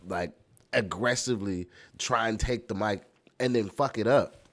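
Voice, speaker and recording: A man's voice: lowish voice, normal speed. A man from the United States hosting a reaction video, talking bluntly and with heavy profanity. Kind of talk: casual reaction commentary.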